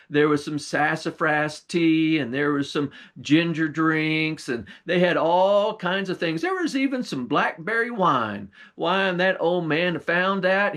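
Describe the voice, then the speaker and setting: A man's voice: fairly high pitch, fairly bright tone. A man telling a folktale in a folksy, old-time way. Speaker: storyteller. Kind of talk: folktale storytelling.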